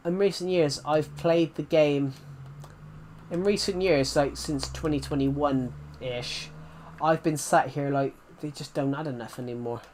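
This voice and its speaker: Young guy on a stream, kinda high voice, rambles and repeats himself a lot. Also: a little slow, darkish tone, slight background noise. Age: 20s. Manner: rambling, often restarts and repeats phrases. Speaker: live streamer. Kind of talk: casual live-stream chat.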